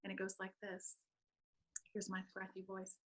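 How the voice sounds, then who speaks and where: A middle-aged woman, a guest author, reads her own poetry aloud in an interview in a slow, earnest, incantatory way. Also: mid-range voice, completely flat delivery, low-quality recording.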